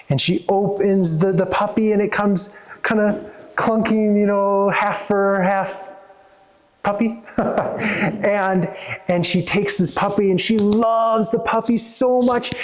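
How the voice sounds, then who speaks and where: A man, a therapist and coach, speaking earnestly to a small audience, halting with many restarts. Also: sits high, a little mellow.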